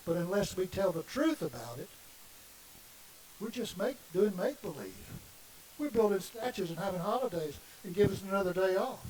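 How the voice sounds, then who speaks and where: A middle-aged man delivers an impassioned sermon in a notably high voice, pressing his points with emphatic rhetorical questions. He sits well back from the microphone, and a faint hiss runs under the recording. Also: a little mellow. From Southern United States. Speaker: minister. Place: congregation meeting room. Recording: distant mic with faint hiss.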